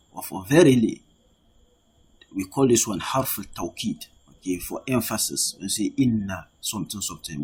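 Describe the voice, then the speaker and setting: A man with a fairly low, darkish, breathy-edged voice teaches an online Arabic grammar lesson. He reads Arabic sentences, then translates and explains them in English, frequently checking in with "okay."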